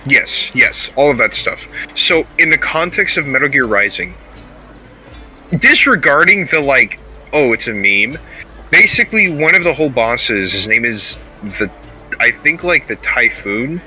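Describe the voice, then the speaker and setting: Excitable rambling young-sounding man. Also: unhurried, soft background music. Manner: excitable, rambling, swears, bursts into loud high exclamations. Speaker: podcast co-host. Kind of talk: casual chat.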